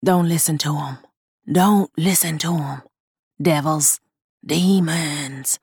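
A woman voicing a hoarse, angry old possessed doll in a spoken horror story. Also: low voice, steady tone, slow pace, a little mellow, no room sound, clean studio sound, exaggerated voice. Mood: whispering warnings. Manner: muttering, hostile.

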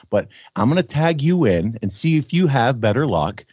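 A man hosting a podcast, friendly and chatty, sounding a little hoarse. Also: medium pitch, sing-song, moderate pace, hardly any pauses, a little mellow, no echo, studio quality. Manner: friendly, chatty, reads ad copy. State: slightly hoarse. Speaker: podcast host. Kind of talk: casual podcast chat.

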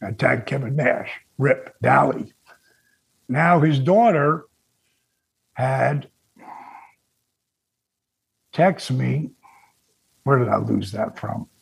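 A man's voice: mid-range voice, extremely slow, gravelly, pauses often, breathy edge. An older man hosting a podcast, reading out an emotional tribute, choked up and near tears, swearing as he talks. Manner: reads a tribute, breaks into tears and profanity. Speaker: podcast host.

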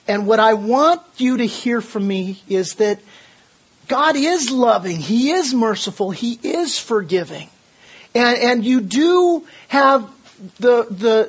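An older man preaching a sermon as pastor, earnest, with stumbling restarts, building to forceful emphasis. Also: high-pitched, slightly rough.

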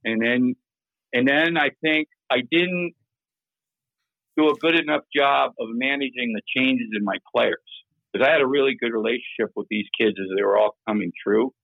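Older male interview guest, gravelly, halting, self-critical, on a dull lo-fi line. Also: medium pitch, dry recording. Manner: halting, repeats words, plain-spoken and self-critical. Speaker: interview guest, former hockey general manager. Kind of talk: candid interview over a call-in line.

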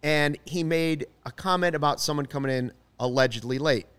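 A man's voice: on the high side, moderate pace, a bit bright, clean tone. A man co-hosting a sports podcast, talking casually and emphatically, giving strong opinions on a studio mic. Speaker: podcast co-host.

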